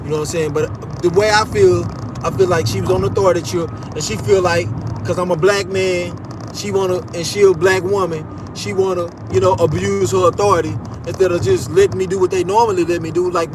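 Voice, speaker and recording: A young man telling a story in a casual, animated rant, swearing often and repeating himself. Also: high voice, brisk, background noise.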